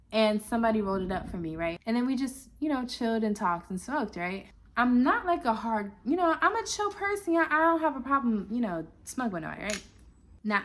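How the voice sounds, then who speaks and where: A woman's voice: fairly high pitch, fairly bright tone. A woman vlogging to camera in casual chat, rambling and chatty with many filler asides.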